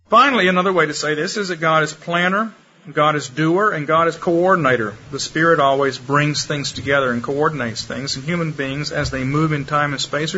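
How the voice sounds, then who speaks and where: A man delivers a teaching sermon with a bright, forceful tone, a touch higher than most men. He is demonstrative, speeding up and slowing down, louder and softer, to make his points. The recording is dull and lo-fi with faint background ambience. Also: slight background noise. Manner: demonstrative, lively delivery with varied pace and loudness. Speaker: preacher. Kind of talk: sermon lecture.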